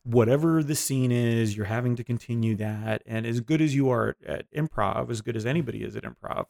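A man co-hosting a podcast, chatting casually and making quick joking asides. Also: medium pitch, vocal fry, a little mellow. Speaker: podcast co-host. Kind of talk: casual chat.

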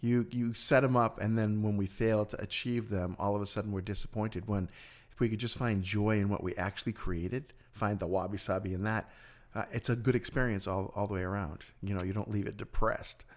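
A man with a lowish voice hosts a podcast in relaxed conversation. He is upbeat and chatty, stumbling over words now and then and laughing easily. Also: a little fast. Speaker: podcast host. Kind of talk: casual chat.

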